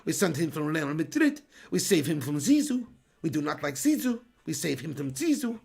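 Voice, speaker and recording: A man with a sore throat doing a lowered impression of a smug middle-aged football manager with a put-on Portuguese accent. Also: big pitch swings, moderate pace, creaky, a little mellow, husky, heavily acted. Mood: mocking. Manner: smug and mock-formal.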